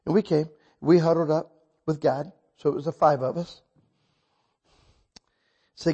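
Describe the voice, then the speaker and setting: A man preaching a sermon and telling a story, animated and breaking into loud bursts when he quotes himself. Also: a little high, moderate pace, pauses often, husky.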